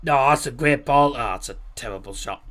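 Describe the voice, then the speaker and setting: A man's voice: medium pitch, fairly quick, a bit bright. A British man hosting a live football watchalong, chatting casually and rambling with laughs between remarks. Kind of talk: casual live match commentary.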